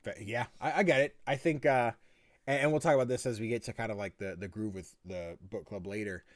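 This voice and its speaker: A young man hosting a podcast, chatting casually and acting out quotes in lively voices. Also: lowish voice, a little fast, dry recording, clean studio sound. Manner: animated, quotes himself and others in lively voices. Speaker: podcast host. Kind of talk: casual chat.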